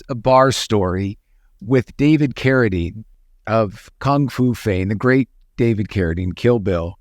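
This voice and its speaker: A middle-aged man tells a bar anecdote in casual chat, stacking repeated phrases as he builds it up. His mid-range voice climbs high when he quotes himself, and the close mic is dry. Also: no echo. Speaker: podcast co-host, actor.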